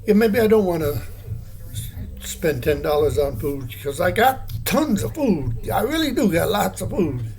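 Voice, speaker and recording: Rambling older man, slightly high voice. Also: very animated, a little slow, a little mellow. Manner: meandering, plainspoken, with many fillers and restarts. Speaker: vlogger. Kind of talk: casual rambling monologue.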